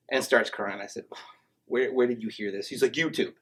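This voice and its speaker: A man's voice: medium pitch, quick pace, a little hiss or hum, rough recording. A man guest on a podcast, telling stories in a casual, joking, self-mocking way. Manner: joking, self-mocking, deadpan tall tales. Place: podcast studio.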